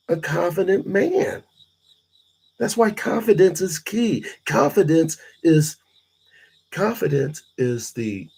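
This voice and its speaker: A man with a husky, grainy voice holds forth late at night to his live chat. He talks bluntly and profanely, preaching like a streetwise big brother. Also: fairly high pitch, dark tone. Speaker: livestreaming vlogger.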